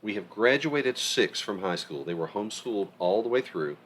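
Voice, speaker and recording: A man's voice: fairly low pitch, normal speed, slight background noise. A middle-aged man co-hosting a podcast, talking in a casual, emphatic way. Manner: animated, emphatic storytelling. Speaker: podcast co-host. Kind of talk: casual conversation.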